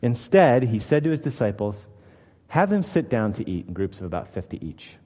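A man's voice: mid-range voice, very animated, normal speed, darkish tone, breathy edge, in a large hall. A man preaching a conversational, emphatic sermon, acting out the quoted lines as he reads. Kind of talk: expository sermon.

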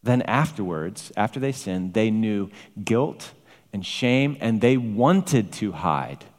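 A man's voice: on the low side, lively intonation, takes it slowly, darkish tone. A man preaching a sermon with emphatic, varied delivery, rising to exclamations. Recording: long hall reverb.

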